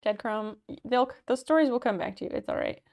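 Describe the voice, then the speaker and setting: A woman's voice: on the high side, a little fast, creaky, a little mellow. A woman streamer in casual live chat, thanking viewers by name, telling stories and swearing casually.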